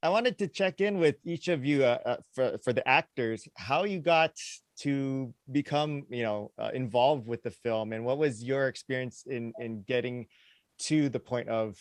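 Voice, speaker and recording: A male host with a mid-pitched voice asks the panel questions, pausing and restarting as he goes. The sound is dry and close, with no room echo. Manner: hesitant, many restarts. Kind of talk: interview questions.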